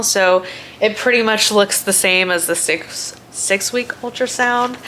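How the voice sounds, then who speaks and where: A woman's voice: mid-range voice, a bit bright. Young woman, casual vlog talk, gushy, laughs a lot, um and like, faint background hum. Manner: chatty, gushing, laughs often, many "um"s and "like"s. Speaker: vlogger.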